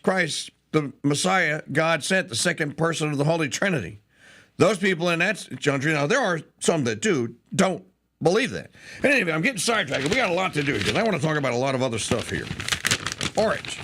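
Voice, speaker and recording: A man hosting a talk show, ranting in an animated, rambling way with asides. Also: on the high side. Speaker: talk radio host.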